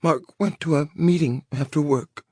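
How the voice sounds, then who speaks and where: A man's voice: a little high, normal speed, a little mellow, slightly rough, no echo, clean studio sound, voice pushed up. A man voicing a frightened young housewife in a small, choked, raised voice. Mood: scared.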